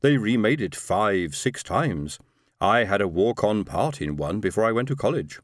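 A man's voice: lowish voice, big pitch swings, moderate pace, no echo, studio quality. A man voicing a large, easygoing female alien who rambles on in a story reading. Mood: chatty.

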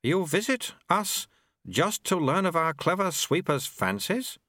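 A man voicing a small babbling toddler abbot who talks in high baby talk, in an audiobook. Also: very animated, a little slow, sharp tone, no room sound, clean studio sound, exaggerated voice. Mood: babbling, serene. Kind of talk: audiobook character voice.

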